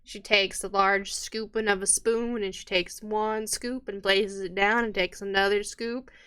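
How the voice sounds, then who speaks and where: A woman's voice: medium pitch, steady tone, measured pace, sharp tone, smooth. A woman narrating a tabletop game as game master in a loose, chatty way.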